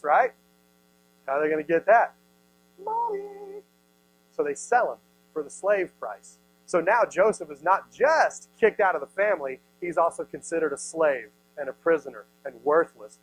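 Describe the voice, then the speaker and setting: The audio is poor, and the man's voice sits high. He's a youth pastor in his thirties delivering a playful sermon in a youth service room, acting out voices for the people in the story and sprinkling in many "like"s.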